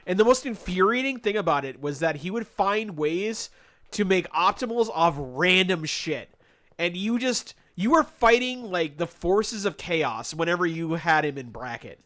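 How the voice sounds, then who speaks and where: A man chatting casually on a live stream while gaming, telling animated, sarcastic stories and laughing often. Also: high-pitched, normal speed.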